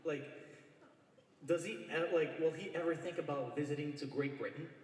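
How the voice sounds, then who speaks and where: A man's voice: fairly high pitch, moderate pace. A man in the audience asking a panel a long, rambling question, eager and full of fillers. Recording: echoey convention hall, distant PA mic.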